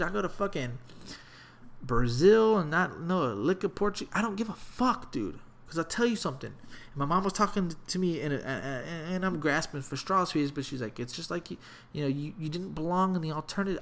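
A man telling a story in a casual, profane, animated rant. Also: a little high, creaky. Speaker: vlogger.

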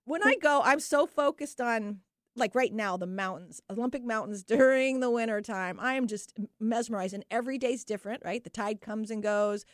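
Upbeat woman radio host, fairly high voice. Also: moderate pace, no room sound, studio quality. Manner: enthusiastic, breaks into laughter. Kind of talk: casual radio chat.

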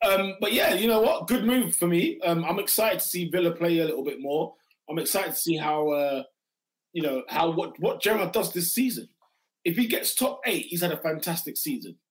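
A man, hoarse after losing his voice, hosting a casual football chat with emphatic, repeated phrases. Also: on the high side, moderate pace, rough recording. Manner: animated, interjecting, emphatic repetitions. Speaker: podcast host.

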